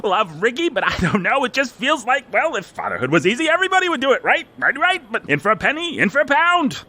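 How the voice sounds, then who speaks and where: A man's voice: very high-pitched, very animated, fast talker, sharp tone, heavily acted. A man playing a cheery, hapless father who jokes and laughs his way through trouble. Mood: rueful. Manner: jokey, folksy, laughing through it. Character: goofy, cheery, hapless dad.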